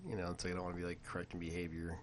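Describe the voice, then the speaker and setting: A middle-aged man co-hosting a podcast, telling family stories in casual chat and getting animated when he quotes his kids. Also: sits low, very fast, crowd noise. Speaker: podcast co-host.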